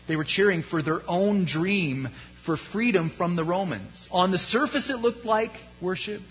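A man preaching a sermon as a pastor, his delivery rising to emphasis and dropping low. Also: dull audio.

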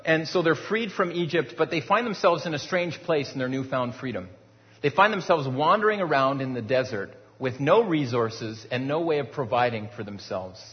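A man's voice: medium pitch, expressive, moderate pace. Man preaching in a reverberant hall. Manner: conversational preaching with rhetorical questions and repeated words. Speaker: pastor. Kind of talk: sermon. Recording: dull sound with long hall reverb.

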